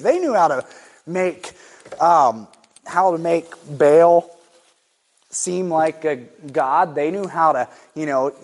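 A man preaching a sermon in an emphatic, conversational way, slowing down to stress his points. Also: sits high.

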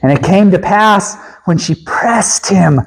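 A man preaching a sermon, retelling a scripture story with animated swings between emphatic high calls and quiet low asides. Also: takes it slowly, slightly rough, rough recording.

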